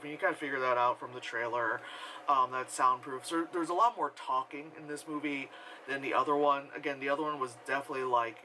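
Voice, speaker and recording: A man's voice: medium pitch, sharp tone, a little hiss or hum, poor audio. A man giving a casual, rambling film review full of fillers and offhand swearing. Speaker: movie reviewer.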